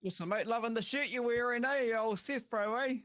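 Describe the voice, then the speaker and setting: A man's voice: extremely high pitch, fairly quick, fairly bright tone, dry recording, studio quality. A man hosting a casual chat, matey and upbeat. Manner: matey and upbeat, says "mate" and "bro". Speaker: podcast host.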